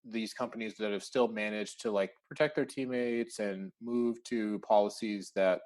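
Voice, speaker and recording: Man, interview guest, casual chat, animated, fillers, lowish voice. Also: moderate pace. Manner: animated, many fillers and acted-out quotes. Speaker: interview guest, recruiting firm founder.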